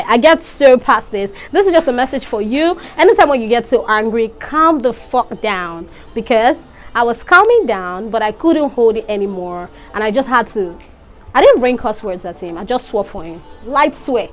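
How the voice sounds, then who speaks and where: A young woman with a Nigerian accent recounts her story in an animated, indignant vlog voice. Her speech sits high and swings widely in pitch. Faint music plays quietly underneath. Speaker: vlogger.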